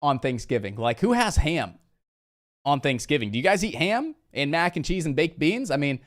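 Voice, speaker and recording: A man from Indiana hosting a casual live trading stream, chatty and energetic, talking straight to his viewers. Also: fairly high pitch, normal speed.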